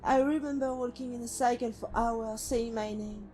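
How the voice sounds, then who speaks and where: A woman voicing a haunted female synth who was once a killer, telling her past in slow, brooding monologue. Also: fairly high pitch, fairly even intonation, mellow, a little hiss or hum, lightly acted. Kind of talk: game companion monologue. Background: faint music.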